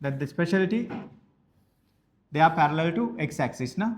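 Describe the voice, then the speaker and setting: A man from Sri Lanka, teaching a maths class slowly and repeating each phrase so students can write it down. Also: fairly high pitch, expressive. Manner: slow, repeats each phrase for note-taking, spells words out. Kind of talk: dictated classroom lesson.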